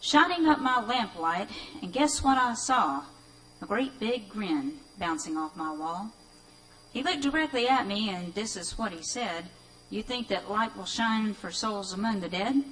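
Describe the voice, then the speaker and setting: A woman's voice: medium pitch, animated, a little slow, a bit bright, a little hiss or hum, low-quality recording. Woman reading poems, plainspoken. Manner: plainspoken, rhythmic recitation. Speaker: poetry reader.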